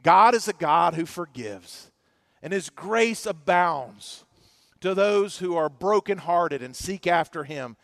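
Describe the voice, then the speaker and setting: A man preaching a sermon in a church, swinging from loud to hushed and back. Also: high voice, expressive, slow pace, creaky, no room sound, studio quality. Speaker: pastor.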